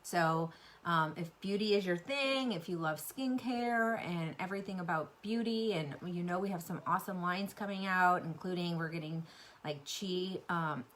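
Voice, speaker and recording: Woman vlogger, casual chat, animated, lots of ums, middle-aged. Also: fairly low pitch. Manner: chatty and animated, with many fillers. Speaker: beauty vlogger and sales rep.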